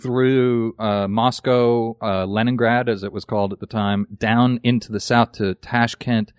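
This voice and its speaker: A man's voice: mid-range voice, fairly even intonation, unhurried, clear, resonant tone, dry recording. Dry-sounding man telling his story. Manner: self-deprecating, storytelling with asides. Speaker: podcast guest, actor. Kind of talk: casual interview chat.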